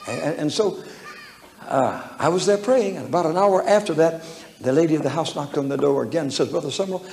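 A fairly high, slightly mellow male voice with vocal fry belongs to an older man preaching in a church hall. Chuckling and folksy, he recounts a personal tale and acts out the voices in it. Echo fills the hall, along with faint background noise.

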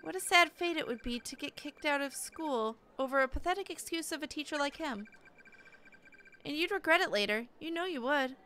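An earnest teenage schoolgirl, read out by a woman lectures a classmate in a raised, high voice. Her tone is bright and impassioned. A faint hum sits under the recording. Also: lively intonation, normal speed.

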